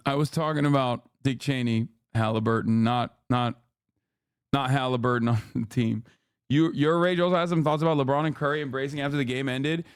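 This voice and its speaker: Brief: high-voiced male streamer, smooth clear tone, dry close mic, profane sarcastic rants. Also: no room sound. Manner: profane, sarcastic mock-patriotic ranting. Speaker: streamer and political commentator. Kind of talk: casual livestream reaction chat.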